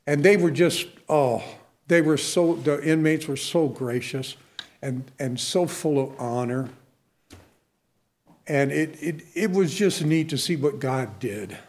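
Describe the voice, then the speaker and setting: Fervent, folksy preaching man with a higher voice. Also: takes it slowly, a little mellow. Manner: fervent, folksy storytelling with emphatic exhortations. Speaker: Christian minister. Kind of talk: preaching testimony and closing prayer.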